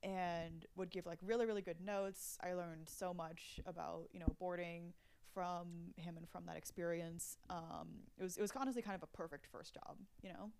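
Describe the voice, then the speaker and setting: A woman's voice: on the low side, fairly even intonation, normal speed, hardly any pauses, darkish tone, a little hiss or hum. A young adult woman, a storyboard artist, chatting casually in an interview, with many fillers and frequent laughs.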